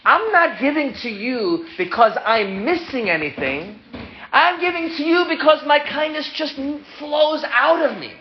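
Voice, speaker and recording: Animated rabbi teaching a lively class. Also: male voice, high-pitched. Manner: animated, playful, chatty with students. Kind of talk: informal Torah lesson with questions. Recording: dull lo-fi sound with loud hiss.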